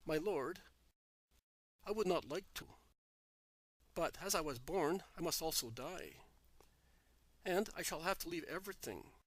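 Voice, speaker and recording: Boastful older merchant in an audiobook, read by a man, slightly high voice, dry. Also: big pitch swings, measured pace, long pauses, no echo. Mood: resigned. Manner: boastful, then resigned. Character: ambitious older male merchant, dreaming of wealth.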